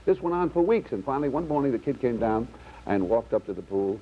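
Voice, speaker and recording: A man's voice: medium pitch, animated, fast talker. A man telling a long joke at a comedy round table, rambling and restarting, on a dull old TV recording. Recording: dull old TV audio with faint noise.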